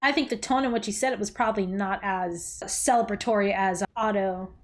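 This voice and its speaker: Animated woman reacting to a show. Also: mid-range voice, a little fast. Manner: animated, blunt, swears freely, gasps and exclaims. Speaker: reaction video host. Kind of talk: casual reaction commentary.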